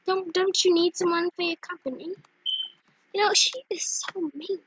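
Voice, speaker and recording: A young female gaming vlogger chatting casually and giggly over her gameplay, with squealing excited asides. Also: extremely high pitch, moderate pace, rough recording. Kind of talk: casual game commentary.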